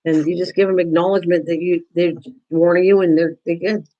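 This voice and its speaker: A woman's voice: on the low side, little pitch movement, brisk, dull audio. An older woman hosting a craft livestream, chatting casually with viewers while she works and often restarting her sentences. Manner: chatty, answers viewers by name, frequent restarts.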